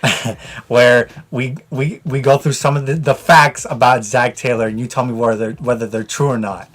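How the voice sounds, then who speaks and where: A male podcast host with a relaxed, encouraging manner, asking interview questions casually. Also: mid-range voice, normal speed. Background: music playing.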